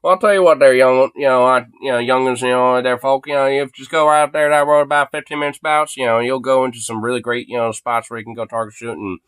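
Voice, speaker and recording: A man voicing a kindly old rural farmer with a slow, homespun, rural American drawl. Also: medium pitch, steady tone, a bit bright, clear, resonant tone, dry recording, lightly acted. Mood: folksy.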